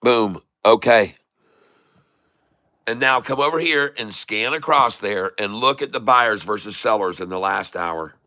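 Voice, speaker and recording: A middle-aged man hosting live day-trading commentary, excitable and folksy, repeating phrases for emphasis. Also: on the low side, unhurried. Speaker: day trader host.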